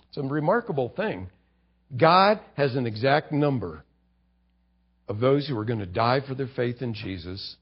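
A man preaching a sermon in a conversational way, acting out short quotes and dropping low for emphasis. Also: expressive, moderate pace, breathy edge, lo-fi sound. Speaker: pastor.

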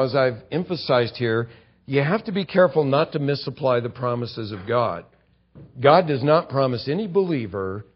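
Conversational preaching man, muffled lo-fi sound. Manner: conversational preaching with acted-out quotes and emphatic drops in pitch. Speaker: pastor. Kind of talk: sermon.

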